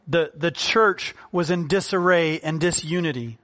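A man preaching from the pulpit in a somewhat higher voice. He is earnest and conversational, and he slows down on the points he wants to land. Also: a bit bright. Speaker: pastor. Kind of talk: sermon.

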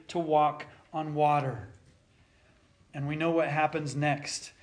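A man preaching a sermon, swinging between loud urging and soft near-whispered passages. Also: on the high side, flat delivery, takes it slowly, long pauses.

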